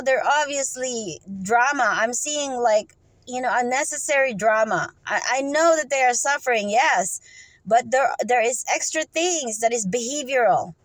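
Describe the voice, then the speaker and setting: A woman with a fairly high voice, recorded dry and close. She gives advice off the cuff in a rambling, instructive way, often breaking off and asking "okay?" before going on. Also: dry recording, poor audio. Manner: rambling and instructive, with frequent "okay?" check-ins; restarts and trails off mid-sentence. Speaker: vlogger giving advice. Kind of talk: unscripted advice monologue.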